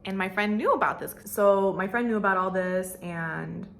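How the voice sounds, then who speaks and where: A young woman in her twenties chats through a get-ready-with-me storytime with a bright, sharp tone. She is animated and slangy, drops fillers and swears freely. She jumps into little voices for the people she talks about. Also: medium pitch, moderate pace, creaky. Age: 20s. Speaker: vlogger.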